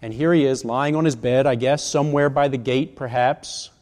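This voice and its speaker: A pastor in his sixties preaches a sermon conversationally, posing rhetorical questions. His medium-pitched voice is steady, a little mellow, and at normal speed, with the long reverb of a large hall.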